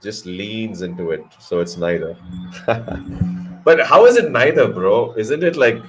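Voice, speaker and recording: A man hosting a casual live cricket watch-along, excitable and joking, cursing freely at the action. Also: on the low side, a little slow, faint music behind, low-quality recording. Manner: excitable, swears, jokes. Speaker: live stream host.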